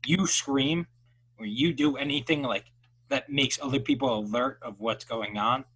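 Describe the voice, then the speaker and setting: A young man in casual podcast chat, explaining things in an animated way. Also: mid-range voice, normal speed, husky. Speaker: podcast guest.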